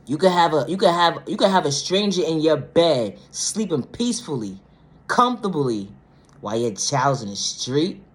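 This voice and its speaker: A woman vlogger delivering a blunt, profane monologue rant, swinging between low, quiet stretches and loud, high outbursts. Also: very animated, normal speed. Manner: blunt, profane, repeats "ma'am, sir" and "respectfully".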